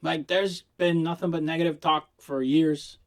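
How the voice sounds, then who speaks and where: A man who is high, telling stories in a loose, rambling vlog monologue, swearing and giggling as he goes. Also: steady tone, moderate pace. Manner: profane storytelling with acted quotes. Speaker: vlogger reviewing vapes.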